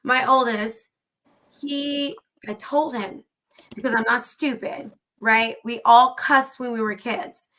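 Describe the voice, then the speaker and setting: Brief: woman co-host, fairly high bright voice, animated storytelling in a casual chat. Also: slow. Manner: animated storyteller, acts out dialogue.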